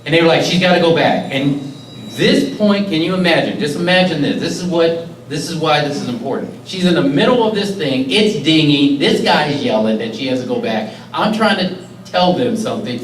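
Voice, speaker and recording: A man's voice: fairly high pitch, lively intonation, normal speed, slight background noise. Middle-aged man, earnest, emotional public storytelling, roomy hall, distant mic, faint background ambience. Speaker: county executive. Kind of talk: public speech, personal story. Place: community meeting hall.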